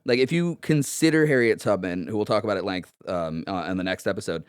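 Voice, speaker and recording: A man's voice: lowish voice, fast, clean tone, no room sound, studio quality. A man co-hosting a casual history podcast, rambling and swearing and laughing at his own jokes. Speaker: podcast co-host.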